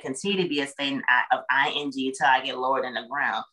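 A woman's voice: extremely low pitch, steady tone, fast, sharp tone, low-quality recording. A woman guest on a podcast, talking in an earnest, reflective way and often checking in with the listener. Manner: reflective, earnest, frequent "you know what I'm saying". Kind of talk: casual chat.

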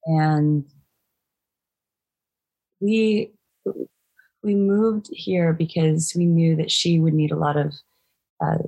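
A woman's voice: sits low, steady tone, slow, vocal fry, long pauses, dark tone. A woman musician, a guest on an interview podcast, telling her story in a hesitant, reflective way. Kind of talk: conversational interview.

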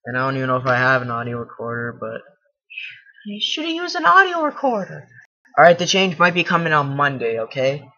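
Male solo podcast host, rambling and self-mocking, speaking up with a bright, tense tone; dull lo-fi computer-mic sound. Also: medium pitch. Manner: rambling, self-deprecating, raising his voice. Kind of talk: casual solo podcast monologue. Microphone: computer mic from across the room.

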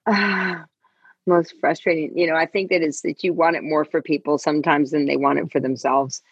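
Guest: middle-aged woman, low husky voice, lively storyteller, muffled earbud call. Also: normal speed, no room sound. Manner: animated, acts out quoted voices. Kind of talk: casual interview storytelling.

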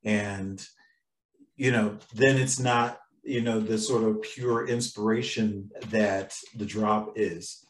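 A man's voice: fairly low pitch, fairly even intonation, takes it slowly, far from the mic, slight background noise. Man, casual podcast chat, rambling with fillers, echoey room, off-mic. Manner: rambling, lots of fillers and restarts. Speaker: podcast co-host, screenwriter.

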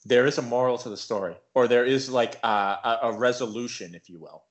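Podcast host: relaxed man, mid pitch, rambling casual chat. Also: brisk, dull audio. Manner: laid-back, rambling.

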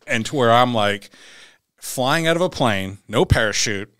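A man's voice: medium pitch, lively intonation, unhurried, fairly bright tone, clear, resonant tone, no echo, studio quality. A man, a podcast guest, telling a vivid, profane story and acting out the voices in it. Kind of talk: animated storytelling.

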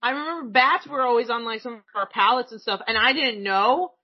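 A woman chatting casually and telling animated, swearing stories, often breaking into laughter. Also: on the high side, brisk, slightly rough, highs cut off. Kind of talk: casual chat, storytelling.

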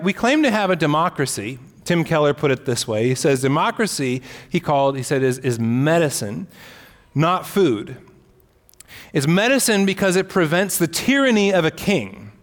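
Earnest man preaching in a hall. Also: fairly high pitch. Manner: earnest teaching, reads scripture aloud. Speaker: pastor. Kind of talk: sermon.

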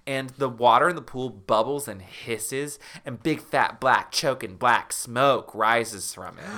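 A man co-hosting a podcast, retelling a spooky story in an animated way and putting on voices for its characters. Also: medium pitch, slow. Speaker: podcast co-host. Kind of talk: comedic storytelling recap.

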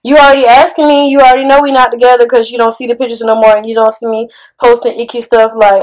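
A woman's voice: high voice, fast, few pauses, rough recording. Sassy woman podcast host. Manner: animated, sassy and conversational. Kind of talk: casual podcast chat.

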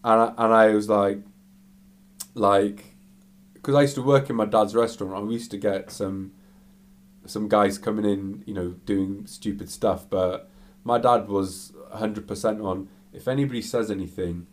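A man with a slightly low voice tells a story in a casual, rambling way, leaning on "like" and filler words. He is animated, jumping between quiet asides and louder bursts. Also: normal speed.

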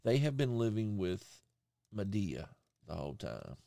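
A man co-hosting a podcast in casual chat, animated and swearing freely. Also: fairly low pitch, a little slow, vocal fry, no echo, clean studio sound. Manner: animated, swearing, laughs easily. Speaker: podcast co-host.

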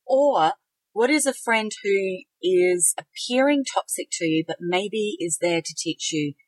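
A woman's voice: medium pitch, expressive, a little slow, breathy edge, no echo, poor audio. A middle-aged woman co-hosting a conversational podcast, reflective and sharing her own experiences. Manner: reflective, shares personal experience. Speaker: podcast co-host.

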